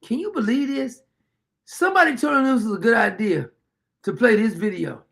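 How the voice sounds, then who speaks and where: A man's voice: very high voice, animated, normal speed, vocal fry, fairly bright tone, faint music behind. A man hosting a livestream who laughs, exclaims and mocks the clips he plays. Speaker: livestream host. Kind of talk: mocking livestream commentary.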